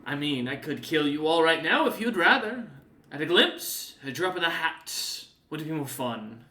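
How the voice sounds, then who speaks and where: A man's voice: fairly high pitch, big pitch swings, moderate pace, pushed and bright, reverberant, voice pushed up. A game master voicing a dapper, smug male demon merchant with cat ears, condescending and mock-friendly.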